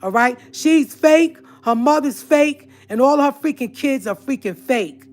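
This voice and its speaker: A woman's voice: high-pitched, lively intonation, unhurried, a little mellow. Heated, confrontational woman channel host. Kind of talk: ranting live-stream monologue.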